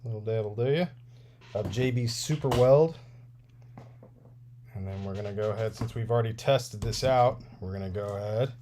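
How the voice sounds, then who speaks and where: A man's voice: lowish voice, moderate pace, dark tone, slight background noise. Chatty man hosting a repair livestream. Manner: chatty, rambling, reads chat aloud, laughs often. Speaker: toy repair livestream host. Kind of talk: casual livestream chat while working.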